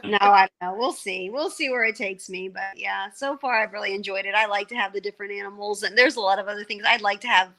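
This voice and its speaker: A woman's voice: mid-range voice, quick pace, hardly any pauses, bright, forceful tone, poor audio. A woman chatting casually as a podcast guest, laughing often and trailing off into "I don't know". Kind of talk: casual chat.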